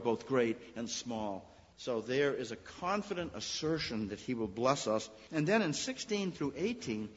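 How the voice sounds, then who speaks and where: A middle-aged male pastor delivering a sermon, swelling loudly on key points and dropping to a hush at others. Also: medium pitch. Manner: impassioned preaching with sudden swells and quiet drops. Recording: dull lo-fi sound in a long-reverb hall.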